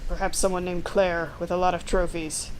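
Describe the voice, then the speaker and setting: A woman voicing a sly, manipulative male office worker with smooth, feigned friendliness, reading an interactive text game aloud. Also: on the low side, level tone, normal speed, noisy background, natural voice.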